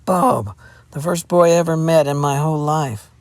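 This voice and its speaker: A man's voice: normal speed, gravelly, no room sound. A man voicing a proud, hot-tempered tomboy girl who flares up in indignant outbursts, in a storybook reading. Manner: indignant, high-strung outbursts. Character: fiery proud tomboy girl, quick to anger.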